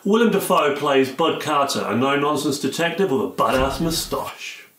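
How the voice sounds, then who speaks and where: Brief: a matter-of-fact co-host of a film review show, slightly high voice, echoey room. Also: male voice, lively intonation, moderate pace, fairly bright tone, distant mic.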